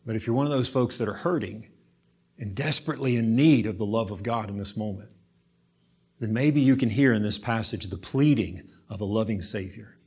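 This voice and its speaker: A man preaching a sermon, swinging between soft, intimate asides and loud, emphatic reading. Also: medium pitch, brisk, husky.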